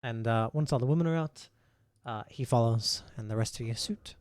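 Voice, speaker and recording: A man narrating a tabletop game as game master in a relaxed, filler-heavy way. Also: mid-range voice, moderate pace, smooth, no room sound.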